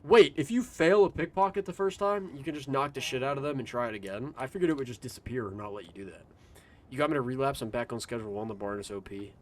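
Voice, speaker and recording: A man with a medium-pitched voice talks quickly while live-streaming a video game. He rambles loosely to his chat, swearing freely in casual gaming commentary.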